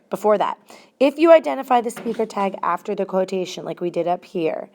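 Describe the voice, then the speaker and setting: A woman's voice: on the low side, darkish tone. A woman teacher giving a grammar lesson, explaining step by step and stressing single words.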